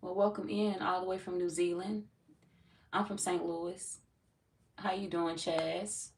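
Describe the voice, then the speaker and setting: Gravelly low-voiced woman chatting live. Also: level tone, a little slow, distant mic. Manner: loose and playful, reads viewer comments aloud, laughs often. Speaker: tarot reader greeting live chat. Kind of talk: casual livestream chat.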